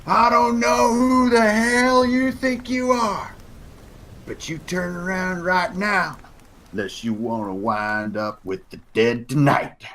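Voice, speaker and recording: A man voicing a gruff hidden gunman who threatens a group of travelers. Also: high voice, steady tone, slow pace, a bit bright, pitched above the performer's own voice. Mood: threatening. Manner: menacing drawl.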